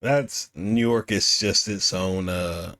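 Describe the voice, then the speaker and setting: Male host, lower-pitched, relaxed interviewer who laughs easily. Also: slow pace. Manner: laughs often, hesitant questions. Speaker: podcast host. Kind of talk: casual podcast interview.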